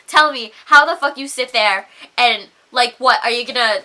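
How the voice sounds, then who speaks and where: A young woman vlogger telling a storytime rant, animated and profane, with lots of "like". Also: high-pitched, normal speed, slight background noise.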